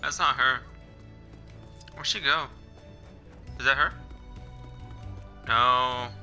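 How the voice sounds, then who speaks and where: Young male gaming host, bright and upbeat, casual play-by-play with squeaky sound effects, soft music underneath. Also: very slow. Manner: excitable, makes high-pitched "pew pew" gun noises. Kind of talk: casual gameplay commentary. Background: game music.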